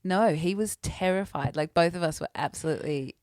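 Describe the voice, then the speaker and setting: Female podcast co-host, low-ish voice, lively storyteller, dry close sound. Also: fairly quick, no echo. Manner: animated storyteller, laughs often. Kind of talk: casual chat, storytelling.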